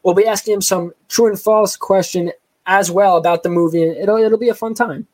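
Guy co-hosting a sports podcast, high voice, joking around. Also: fairly even intonation, a little mellow, low-quality recording. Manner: joking, fast-talking. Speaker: podcast co-host. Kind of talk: casual chat.

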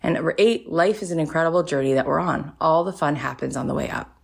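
Low, gravelly female host. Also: fast. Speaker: podcast host. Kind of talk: reading takeaways and listener messages.

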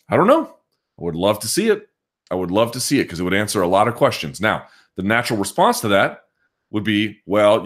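Man, deep voice, podcast host, live chat, talks it through, many restarts. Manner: thinking aloud, frequent restarts and hedging. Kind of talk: casual live chat commentary.

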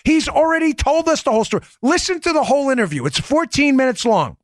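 A man hosts a political commentary show, pressing his points with emphatic rhetorical questions and checking in with his co-host. His voice sits fairly high for a man. The sound is dry and close, with no room echo. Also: sing-song, fast. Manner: talks to his co-host by name. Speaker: podcast host.

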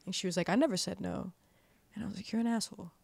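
A young woman in her twenties tells her story as a podcast guest. She swears freely, fills her talk with "like" and acts out the dialogue she quotes. She sits at a middling pitch in a dry, close sound. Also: fast, gravelly, breathy edge, dry recording. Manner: profane, heavy use of "like". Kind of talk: casual storytelling.

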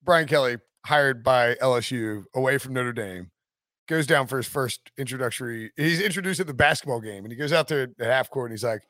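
A man hosting a sports betting podcast, talking in a jokey, animated way and laughing often. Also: medium pitch, fairly quick, no room sound, clean studio sound. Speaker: podcast host. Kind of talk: casual sports betting chat.

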